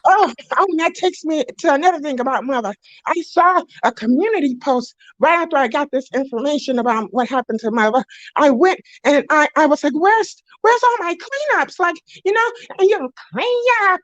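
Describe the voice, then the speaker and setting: A woman's voice: high-pitched, dry recording, rough recording. A young woman on a live stream, rambling in a giggly, worked-up rant. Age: young adult. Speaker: stream guest.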